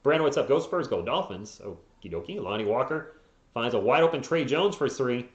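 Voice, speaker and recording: A man's voice: medium pitch, expressive, brisk. A man doing laid-back fan play-by-play on a live stream, breaking off to answer chat and laugh at comments. His mid-range voice sits in a roomy space, and the sound is a little dull. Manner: casual, chuckling, reads viewer comments between plays. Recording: roomy, slightly dull home stream audio.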